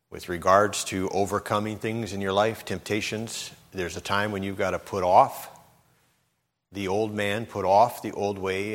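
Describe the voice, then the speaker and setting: In a large, echoing hall, a middle-aged man gives a relaxed sermon in a very low voice. He speaks like he's having a conversation, doubles back on words, and acts out what the people in his stories said.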